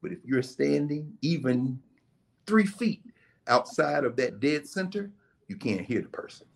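A man's voice: mid-range voice, unhurried, vocal fry. A man, a guest, explaining in a casual way and telling it like a story, now and then acting out what people said. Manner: animated, storytelling, acts out quotes.

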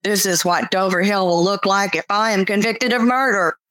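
A woman's voice: medium pitch, steady tone, normal speed, fairly bright tone, no room sound, natural voice, low-quality recording. A woman reading aloud from her novel and voicing a pompous, ranting male preacher-politician who stirs up a crowd. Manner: bombastic, self-pitying, demagogic.

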